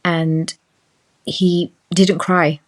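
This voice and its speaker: A young woman recounts a personal story in relaxed podcast chat, her voice sitting a touch low. She acts out the people she quotes, shifting her tone for each, and keeps an easy conversational flow. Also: very slow. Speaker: podcast guest. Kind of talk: casual chat.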